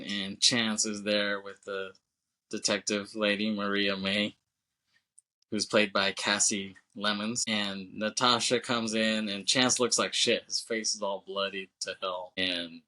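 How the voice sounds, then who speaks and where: Bright-voiced man recapping a movie. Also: on the low side. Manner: animated retelling with quick character quotes and laughs. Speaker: podcast co-host.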